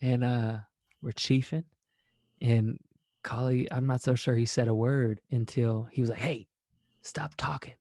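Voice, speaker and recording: A man's voice: medium pitch, little pitch movement, unhurried, mellow, no echo, studio quality. A man, a former college basketball player, guesting on a podcast and telling rambling, profane stories in a laid-back way. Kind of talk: casual storytelling.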